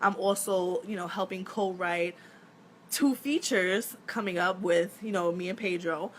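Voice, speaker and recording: A woman in her thirties, an actress chatting casually on a live stream, telling animated stories, laughing often and swearing freely. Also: on the low side, unhurried, slight background noise. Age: 30s.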